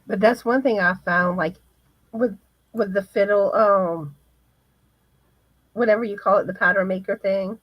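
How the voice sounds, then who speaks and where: A woman, hoarse, co-hosting a casual crochet livestream and speaking hesitantly with many restarts. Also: mid-range voice, a little slow, long pauses, no echo, muffled recording. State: hoarse, voice going in and out.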